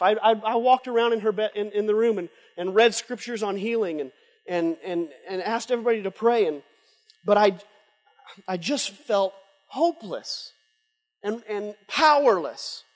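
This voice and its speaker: A middle-aged man giving a heartfelt personal testimony as a conference speaker, halting, with many restarts and a breaking voice. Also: high-pitched. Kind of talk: emotional personal testimony sermon. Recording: long hall reverb.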